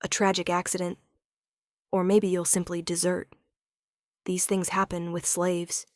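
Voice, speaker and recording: A woman's voice: fairly low pitch, completely flat delivery, unhurried, no room sound, clean studio sound, lightly acted. A woman voicing a scheming, fanatical older uncle of a wolf king, cold and bitter in storybook narration.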